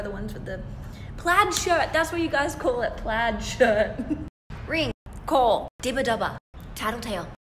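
A woman's voice: a little high, fairly bright tone, slight background noise. A woman with an Australian accent, talking casually and jokingly in a self-filmed vlog, using plenty of slang. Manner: chatty, joking, slang-heavy. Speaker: TikTok creator and studio owner.

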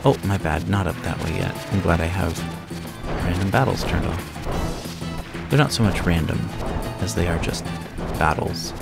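A man casually commenting on a game he plays, explaining mechanics in a relaxed, self-correcting way into a sensitive desk mic. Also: low-pitched, unhurried, creaky, long pauses. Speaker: let's play host. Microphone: sensitive desk microphone. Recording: game music under the voice.

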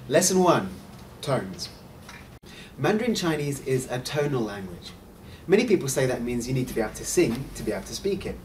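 A man hosting a scripted Mandarin lesson, explaining clearly and encouraging the listener to repeat. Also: mid-range voice, big pitch swings, darkish tone, recorded from a distance, a little hiss or hum. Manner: clear, encouraging, models sounds slowly. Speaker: host and Mandarin teacher.

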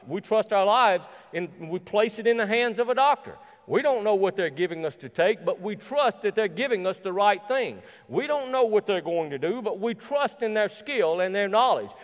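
High-voiced preacher in a reverberant church. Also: male voice, fairly bright tone. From Southern United States. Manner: earnest storytelling with repeated phrases. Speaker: pastor. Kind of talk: sermon. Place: church sanctuary. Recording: long reverb in a church sanctuary.

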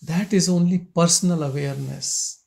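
A man leading a spiritual satsang, speaking slowly and contemplatively, asking questions and leaving long pauses. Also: on the high side, vocal fry, a little mellow. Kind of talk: slow contemplative spiritual talk. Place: meditation centre hall.

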